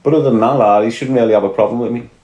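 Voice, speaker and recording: The audio is dull and roomy as a mid-range male voice speaks rapid-fire. He's a Scouse livestream host from Liverpool, England, bluntly ranting, swearing, and combatively reading out and answering chat.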